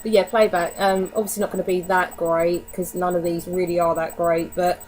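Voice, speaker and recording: A woman's voice: on the low side, little pitch movement, normal speed, darkish tone, slight background noise, poor audio. Chatty woman vlogger. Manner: chatty and candid with casual swearing. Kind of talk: casual DVD haul vlog.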